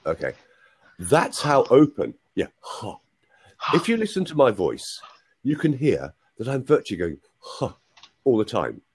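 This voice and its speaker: A man's voice: medium pitch, huge pitch swings, moderate pace, breathy edge. A man working as a voice coach on a video call. He has a cold and coughs, and he explains patiently, often checking with "right?".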